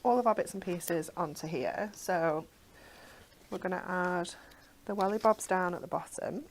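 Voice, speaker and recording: Gravelly-voiced craft presenter woman. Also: on the low side, moderate pace, a little hiss or hum. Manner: chatty, step-by-step, giggly asides. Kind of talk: live craft demonstration.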